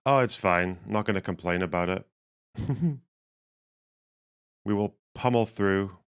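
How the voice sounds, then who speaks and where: A man live-streaming casual commentary while reading chat, his voice strained and missing its lower range, swearing and laughing as he thinks aloud. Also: a little slow, clear, resonant tone.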